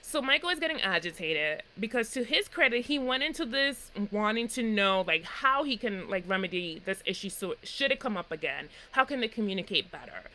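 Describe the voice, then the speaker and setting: A woman's voice: mid-range voice, fairly quick, hardly any pauses, low-quality recording. A woman co-hosting a podcast, recapping a reality show in casual chat and acting out the quotes. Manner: animated storytelling, acts out quotes.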